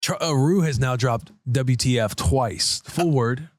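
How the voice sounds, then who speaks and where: A man hosting a podcast, telling a rambling, animated story in casual chat. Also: medium pitch, unhurried, dry recording, studio quality. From United States. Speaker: podcast host.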